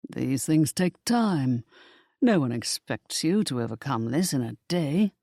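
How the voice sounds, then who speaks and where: An audiobook reader voicing a steady, protective young duke who speaks calmly and reassuringly. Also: male voice, medium pitch, unhurried, no echo, studio quality. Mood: gentle. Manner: calm, reassuring.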